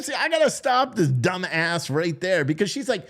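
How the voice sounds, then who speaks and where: A man's voice: high-pitched, normal speed. A man hosting a profane, sarcastic political commentary rant. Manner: animated, profane, sarcastic, mocking impressions.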